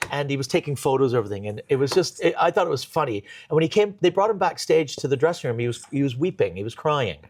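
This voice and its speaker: A male comedian guest telling stories in casual conversation, animated and acting out the people he quotes. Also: medium pitch. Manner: animated storyteller, quick to act out quotes.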